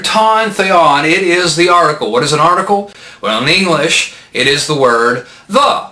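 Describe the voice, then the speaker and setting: A man's voice: on the high side, bright, forceful tone, reverberant. A man teaching Greek grammar of a Bible verse in a methodical, patient lecture, explaining step by step and asking rhetorical questions.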